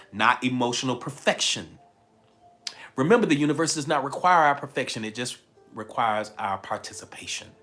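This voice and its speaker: A man from the American South with a Southern accent, speaking at a middle pitch during a live-streamed motivational talk. He repeats key lines for emphasis, stretches some words out slowly, and laughs often between thoughts. Faint music plays softly behind him. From Southern United States.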